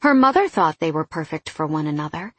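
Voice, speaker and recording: A woman narrating a novel in a steady, scripted reading style on a close studio mic. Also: deep voice, a little fast, husky, no echo. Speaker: audiobook narrator.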